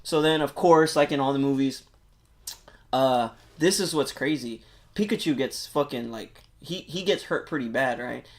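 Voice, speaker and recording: On a podcast, a man in the co-host seat recounts a movie plot with excitement, speaking at a moderate pace in a mid-range voice. It's a casual, rambling chat thick with filler words and profanity.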